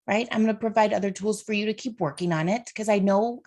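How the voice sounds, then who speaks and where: A woman's voice: mid-range voice, fast talker, a little mellow. Casting note: woman in her thirties, heartfelt solo podcast host, mid-range voice, sincere and direct. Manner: earnest, heartfelt, talks straight to listeners; faith-based encouragement. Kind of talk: solo motivational podcast monologue.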